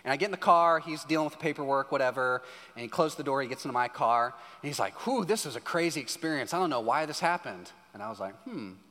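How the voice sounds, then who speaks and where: A man preaching a sermon as a pastor, telling a story with lively acted-out dialogue. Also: medium pitch, fast. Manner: animated storytelling, acting out dialogue. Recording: hall reverb with faint music.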